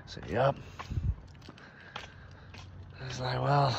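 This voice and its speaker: A man telling a comic story, acting out each character's lines and breaking into sudden loud outbursts. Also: mid-range voice, fairly even intonation, fairly quick, creaky, long pauses. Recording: dull lo-fi recording with faint noise.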